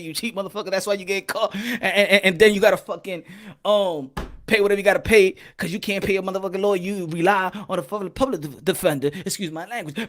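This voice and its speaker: A man doing boxing commentary as a loud, profane, animated casual rant, laughing often. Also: high voice.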